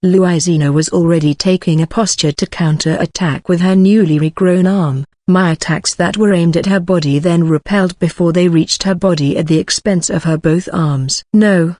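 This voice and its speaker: A text-to-speech voice narrating an audiobook in an even, mechanical way. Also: medium pitch, moderate pace, few pauses, dry recording, studio quality.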